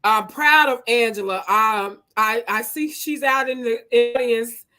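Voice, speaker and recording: Brief: high-pitched woman nonprofit leader, folksy and heartfelt, speaking on a video call. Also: a little slow, bright, forceful tone. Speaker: nonprofit CEO. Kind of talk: emotional thank-you speech on a video call.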